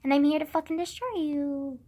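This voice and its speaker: A playful villain of pure anger, put on by a teenage girl greets you brightly before promising destruction. The voice stays high and the menace is tongue-in-cheek. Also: steady tone, brisk, close to an everyday voice. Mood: mock menace. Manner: mock-cheerful greeting turning threatening. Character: menacing personified anger, woman, eager to destroy.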